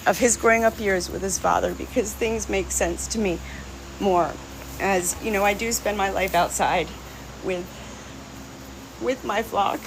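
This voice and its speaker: A woman's voice: medium pitch, a bit bright, rough recording. Chatty middle-aged woman on a farm. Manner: chatty and sentimental, laughing often. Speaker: hobby farmer streaming live. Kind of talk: rambling live-stream chat. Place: outdoors on a small farm. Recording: faint outdoor noise. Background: insects and crickets.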